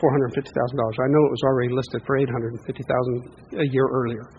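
Husky middle-aged pastor telling a story. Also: male voice, medium pitch, rapid-fire. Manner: folksy, animated storytelling with excited rises. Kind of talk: storytelling sermon. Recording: dull lo-fi recording.

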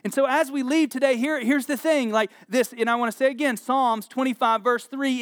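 A man's voice: very high-pitched, a little fast, few pauses, clean tone, no room sound, studio quality. A man in his forties preaching a sermon, telling scripture stories with humor and acted-out voices. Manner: animated, joking storyteller with acted-out voices. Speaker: pastor.

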